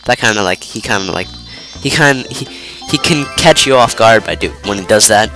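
Game music runs under this young let's play commentator, who speaks fast with hardly any pauses in a fairly low, sharp-toned voice. He's congested and nasal from a cold, rambling casually, breaking off his own sentences, and using lots of fillers.

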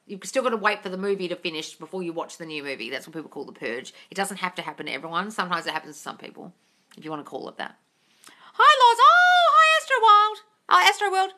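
On a casual phone livestream Q&A, a woman with a non-native English accent coaches manifestation, reading comments aloud, calling viewers darling, and being blunt and sweary. Her voice is low-pitched, very fast, bright and forceful, slightly congested from a cold with a runny nose, in a large open room.

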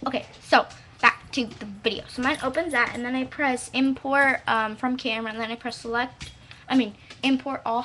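A woman's voice: a little high, steady tone, normal speed, background noise. A woman casually walking through a computer how-to at home, scattered and silly, drifting off-topic. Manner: scattered and silly, trails off into playful sounds. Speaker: vlogger showing a how-to. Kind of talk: rambling home tutorial. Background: dogs nearby.

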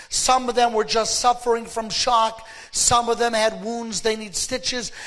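A man's voice: sits high, a bit bright. A man, a rabbi, delivering a sermon with dramatic, emphatic storytelling.

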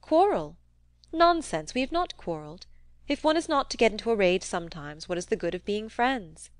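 A woman's voice: mid-range voice, lively intonation, moderate pace, no room sound, natural voice. A woman reading the part of a plain-spoken young woman with a dry, blunt manner.

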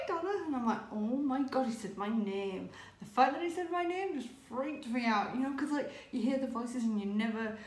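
Excitable woman in an echoey room. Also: fairly high pitch. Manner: excitable, breathless retelling with frequent "oh my God" and laughs. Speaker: vlogger. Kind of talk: casual storytelling to camera.

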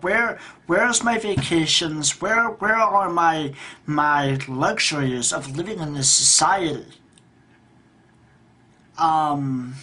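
Man, 30s, home vlog rant, bright and husky voice, frustrated and foul-mouthed, trips over his words. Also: fairly high pitch. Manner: frustrated, profane, rambling with restarts. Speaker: vlogger. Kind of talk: ranting vlog monologue. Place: at home by a table.

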